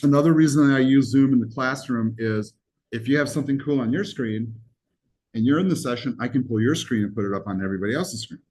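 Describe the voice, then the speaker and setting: A man's voice: medium pitch, fast talker, a little mellow, low-quality recording. A man teaching a live college class, explaining things in a casual, rambling way with joking asides. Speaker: college instructor.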